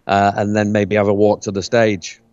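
A man's voice: lowish voice, monotone, normal speed, a little mellow, dry recording, muffled recording. A man from the UK, a musician guest in a casual interview, talking hesitantly and restarting his words.

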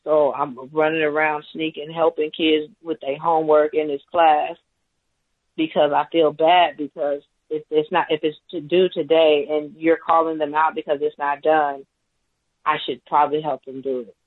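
A man calls in to a talk radio show and tells a story in a rambling, hesitant way. His voice is on the high side and level in tone, at normal speed, coming through a tinny, dry phone line.

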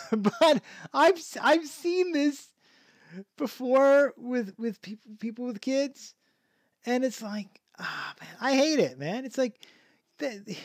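A man's voice: high-pitched, dry recording, clean studio sound. A man hosting a podcast, talking through a show review in a rambling way, with many restarts and frequent chuckles. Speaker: podcast host. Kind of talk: casual review chat.

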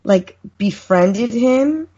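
A middle-aged woman with a husky, breathy voice tells friendly, meandering stories on a casual podcast. The audio is dull and lo-fi, like an online call. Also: fairly high pitch, expressive, mellow. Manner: friendly, drawn-out chatty storyteller. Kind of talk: casual chat.

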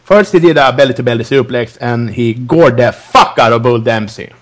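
A man's voice: mid-range voice, moderate pace. A man hosting a podcast, recapping wrestling in a rambling, casual way, laughing often between restarts. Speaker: podcast host.

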